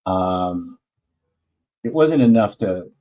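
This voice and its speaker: Male host with a low voice, slow and rambling, slangy. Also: animated, highs cut off. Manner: rambling, loose and slangy, with many fillers. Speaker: host of a comics talk stream. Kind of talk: casual chat.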